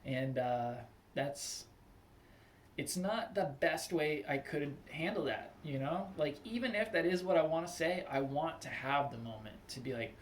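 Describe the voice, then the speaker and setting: A young man talking casually on his own, rambling with lots of "like" and acting out quick angry replies. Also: fairly high pitch, expressive, slight background noise. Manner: loose and rambling, full of "like", acts out angry quotes. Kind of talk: casual spoken monologue.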